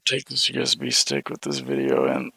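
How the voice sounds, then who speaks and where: A man's voice: a bass voice, big pitch swings, normal speed, vocal fry, pushed and bright, husky, dry recording. A man livestreaming in casual, rambling talk, often restarting his thoughts and cursing mildly, indoors at home.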